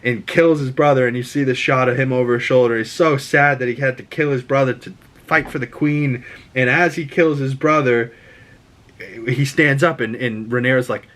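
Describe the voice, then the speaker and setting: Boston-accented host, rambling casual recap, middle-pitched. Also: male voice, moderate pace. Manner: rambling, animated, lots of fillers.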